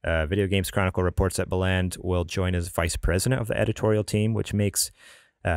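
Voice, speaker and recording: Low-voiced chatty podcast host, man. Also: no room sound, clean studio sound. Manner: chatty, rambling, laughs often. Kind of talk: casual podcast chat.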